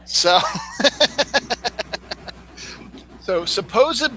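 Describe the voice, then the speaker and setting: A man's voice: a little high, moderate pace, bright, forceful tone, slight background noise, low-quality recording. A man co-hosting a casual chat, explaining how words are said, chuckling and tripping over his own words. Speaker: co-host.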